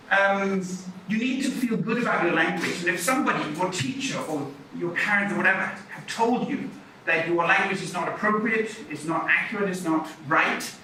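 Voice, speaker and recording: A middle-aged man, a university lecturer, talking lively and chatty about public speaking, moving around as he talks. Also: sits high, a little hiss or hum. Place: lecture hall. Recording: echoey hall, mic from far off.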